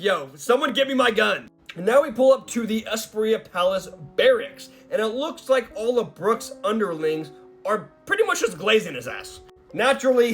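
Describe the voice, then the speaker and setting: A man recapping a comic chapter in a slangy, excitable casual chat. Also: high voice. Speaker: manga recap host.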